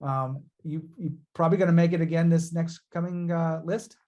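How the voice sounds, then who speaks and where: Mellow-voiced male podcast host. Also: a little high, fairly even intonation, normal speed, muffled recording. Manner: coaching asides to the audience. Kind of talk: business interview.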